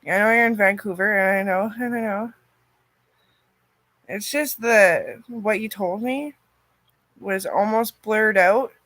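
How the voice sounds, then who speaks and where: A woman in a rambling personal monologue, cursing often, her loudness swinging from loud outbursts to near-murmurs. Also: mid-range voice, slow, pauses often, dry recording.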